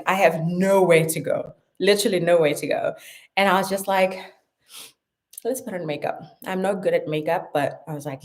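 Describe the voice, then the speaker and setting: A young South African woman speaks in an animated way as she chats to camera in her home vlog. Her voice sits on the low side for a woman, and she keeps the talk loose and playful. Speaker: vlogger. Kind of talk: casual chat to camera.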